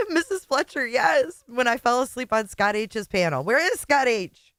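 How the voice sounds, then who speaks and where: A woman's voice: a little high, animated, unhurried, a bit bright, dry recording, studio quality. A woman hosting a livestream, chatting casually, sarcastic and mocking, often laughing. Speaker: livestream host.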